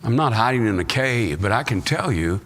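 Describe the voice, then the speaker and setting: A man's voice: medium pitch, expressive, moderate pace, fairly bright tone, slight background noise. An American man, a pastor, reading scripture aloud and preaching a Sunday school sermon, his voice swinging up for emphasis. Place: church sanctuary. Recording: live church recording with long reverb.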